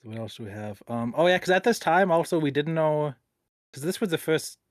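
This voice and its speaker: Male podcast host: halting, filler-heavy delivery, easy chuckle, dry close-mic sound. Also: a little high, expressive, no echo. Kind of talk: casual podcast interview.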